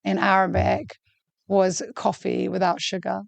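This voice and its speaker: A woman's voice: mid-range voice, little pitch movement, unhurried, gravelly, dry recording. A young woman hosting a podcast, chatting casually and telling jokey stories with acted-out quotes. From Lebanese family. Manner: chatty, jokey storyteller who acts out quotes. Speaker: podcast host.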